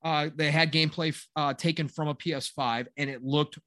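A man's voice: fairly high pitch, steady tone, a little fast, fairly bright tone, no echo. Sarcastic man in his forties. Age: 40s. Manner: sarcastic, rambling with many fillers. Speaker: podcast co-host. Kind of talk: casual gaming chat.

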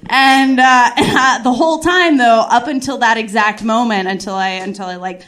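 A woman doing a stand-up set, with a somewhat high voice. She tells her story in a rambling, self-deprecating way, restarting sentences and leaning on "like" as she goes. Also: normal speed, fairly bright tone. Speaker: stand-up comedian.

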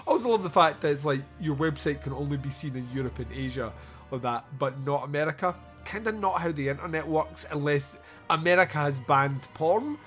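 A man's voice: on the high side, animated, fairly bright tone, soft background music. A man hosting a podcast, reviewing a movie in casual, sarcastic chat with frequent laughs. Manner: laughing, sarcastic, quick asides. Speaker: podcast host.

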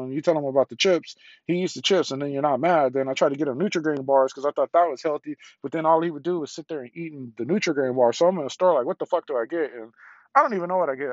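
A man's voice: a little high, no room sound, highs cut off. A middle-aged man venting on a solo podcast from a parked car, rambling and frustrated, swearing a lot and sounding congested.

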